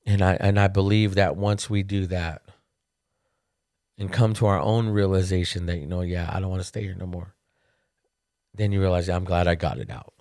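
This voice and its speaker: Middle-aged male podcast host, low voice, candid casual storytelling, dry close sound. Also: normal speed, pauses often, no echo. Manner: candid, conversational, animated when quoting others.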